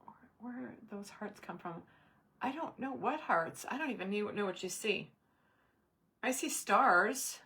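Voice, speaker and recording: Speaking at normal speed with lively intonation, a middle-aged woman runs a craft livestream, addressing viewers by name and murmuring to herself as she concentrates. Her medium-pitched voice has a fairly bright tone, captured by a camera mic on her desk.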